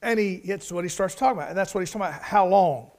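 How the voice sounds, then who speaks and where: Pastor, male, higher-pitched voice, emphatic repetitive sermon delivery. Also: very fast. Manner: preaching with rising emphasis and repetition; prayerful, lowered voice in prayer.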